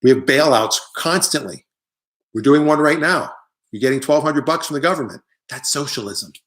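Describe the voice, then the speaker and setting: A man's voice: fairly high pitch, moderate pace, fairly bright tone. A middle-aged man hosting a live online show, delivering a rambling, opinionated comic monologue with jokey asides while he answers viewer comments.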